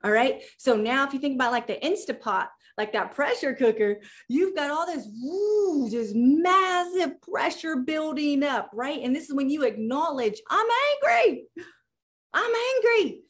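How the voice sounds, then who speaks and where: A woman coaching a group through a motivational talk, lively and chatty. Her voice sits a little high, and she keeps checking in with her listeners as she goes. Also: moderate pace, hardly any pauses. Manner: lively and chatty, often checking in with "right?" and "you guys". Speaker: life coach.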